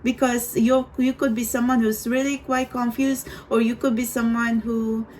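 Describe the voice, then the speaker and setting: A woman's voice: a little high, flat delivery, normal speed, a little mellow, a little hiss or hum, low-quality recording. A woman doing a tarot reading for viewers, rambling and hesitant, with many restarts. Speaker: tarot reader.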